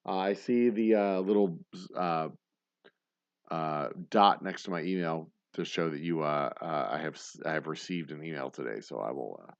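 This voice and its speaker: Guy on a livestream, a bit slurred, talks fast, dull dry audio. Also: rumbling low, no echo. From Texas. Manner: fast-talking, rambling. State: tipsy, slurring. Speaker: livestream host. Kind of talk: casual livestream chat.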